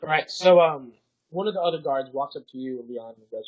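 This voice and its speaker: A young man with a somewhat high, husky voice guides a tabletop game as dungeon master. He talks his way through the scene in a loose, rambling manner, full of ums and uhs, and the recording sounds dull and lo-fi. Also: brisk. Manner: rambling narration with many fillers. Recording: dull lo-fi podcast audio.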